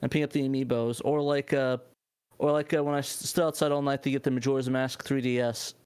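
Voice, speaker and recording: Male co-host, smooth resonant voice, dry close sound, animated and filler-heavy. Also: mid-range voice, fast talker, no room sound. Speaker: show co-host. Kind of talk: casual chat on a live show.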